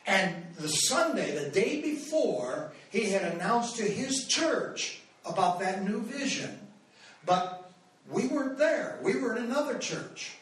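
A man preaching, telling a story to his congregation in an animated, rambling way with many restarts and fillers. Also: high-pitched, measured pace. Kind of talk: storytelling sermon. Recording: echoey hall, mic far off.

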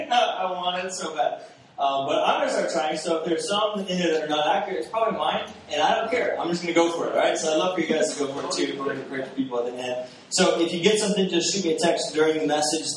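A man preaching in a casual, animated way, often breaking into laughter and acting out his own astonished reactions. His fairly high voice rings through a very echoey church. He sounds a bit distant from the microphone, with a faint hiss behind him. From Texas. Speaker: pastor. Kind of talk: sermon storytelling. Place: church sanctuary.

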